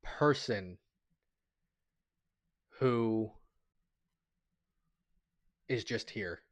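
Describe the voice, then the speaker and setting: A man's voice: on the low side, drawn-out words, no echo, clean studio sound. A man live-streaming and chatting casually with his viewers, rambling, stumbling over his words and getting sentimental as he thanks them. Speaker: livestreamer.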